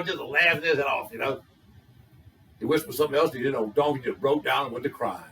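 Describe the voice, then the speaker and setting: A man's voice: medium pitch, quick pace, fairly bright tone, far from the mic, a little hiss or hum, poor audio. An older man, telling raunchy jokes in a folksy, colorful storytelling drawl. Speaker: joke teller.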